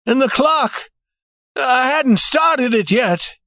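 A frightened old banker, high and shaky, calling out for help, as a male storyteller puts him on. The voice is pitched far above the man's own. The sound is dry and close. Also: sing-song, takes it slowly, fairly bright tone, no echo, heavily acted. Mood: frantic. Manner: pleading, in a shaking voice.

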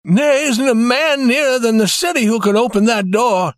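A man's voice: very high-pitched, sing-song, slow pace, a bit bright, no echo, clean studio sound, pitched above the performer's own voice, exaggerated voice. A man voicing an old male banker who speaks in a shaking, pleading voice, as part of a story reading. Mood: desperate.

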